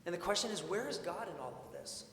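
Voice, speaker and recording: A man preaching a sermon as pastor, earnest and measured, his phrase endings dropping quiet. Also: high-pitched, expressive, vocal fry, slight background noise. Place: church. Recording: echoey church hall with long reverb.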